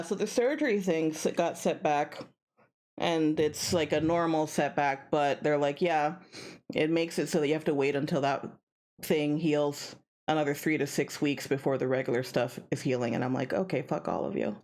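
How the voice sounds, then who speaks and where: A tired woman streaming a video game from home, chatting casually and rambling between bursts of excited yelling. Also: deep voice, moderate pace. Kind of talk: casual gaming stream chat.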